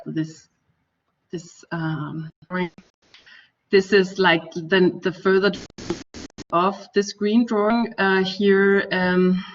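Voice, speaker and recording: A woman's voice: medium pitch, fairly even intonation, drawn-out words, long pauses, slight background noise. A woman with a Danish accent, a native Danish speaker, giving an academic architecture talk with many fillers and restarts. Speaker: architecture lecturer. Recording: distant dull lo-fi recording.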